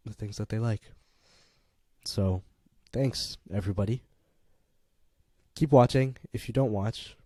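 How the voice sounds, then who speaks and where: A young man co-hosting a casual sports podcast, playful, given to swearing and bursts of excitement. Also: on the low side, dry recording, studio quality. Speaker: podcast co-host. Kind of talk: casual chat.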